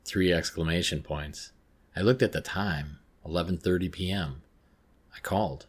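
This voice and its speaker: A man narrating a first-person horror story in a measured, tense way. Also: low-pitched, slightly rough.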